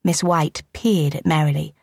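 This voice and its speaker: Audiobook narration: a woman, low and gravelly, measured and arch, dry close sound. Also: fairly even intonation, no echo. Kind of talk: scripted narration.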